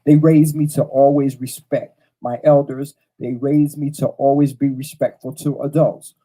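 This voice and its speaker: A man's voice: mid-range voice, level tone, measured pace, mellow, low-quality recording. A man hosting a casual show, telling a personal story straight to viewers, blunt and profane, repeating phrases for emphasis. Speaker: host.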